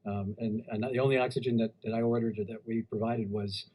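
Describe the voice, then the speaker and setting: A man who is a doctor, answering press questions in a halting, hesitant way with many restarts. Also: lowish voice, fairly even intonation, mellow, rough recording. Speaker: physician at a press briefing.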